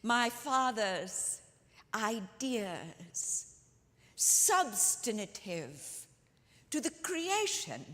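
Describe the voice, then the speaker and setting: A woman's voice: high voice, a bit bright, heavily acted. A woman storyteller playing the ghost of a 19th-century woman author, speaking theatrically to a live audience with lingering emphasis. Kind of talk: one-woman historical storytelling performance. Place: church sanctuary with live audience. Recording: long reverb of a large church hall.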